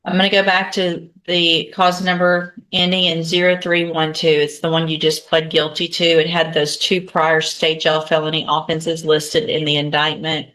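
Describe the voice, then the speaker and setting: A low-pitched woman serving as judge, speaking in a courtroom. She reads formal charges and asks plea questions in a methodical, procedural manner. She pauses to think aloud while working through her papers. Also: flat delivery, a bit bright.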